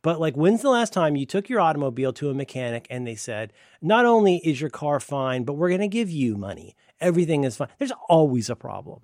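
A middle-aged man rambles through a sardonic, profane story with a lively, swooping delivery. The sound is dry and close, with no room around his voice. He slips into high put-on voices when he quotes people. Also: brisk, hardly any pauses, dry recording. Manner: puts on high voices when quoting staff. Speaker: podcast co-host. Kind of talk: casual chat.

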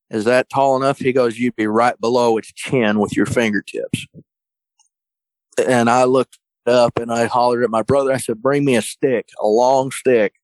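A man telling a story in a folksy, colloquial way, getting animated when he quotes other people. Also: mid-range voice, no echo, rough recording. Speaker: guest storyteller. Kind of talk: casual storytelling.

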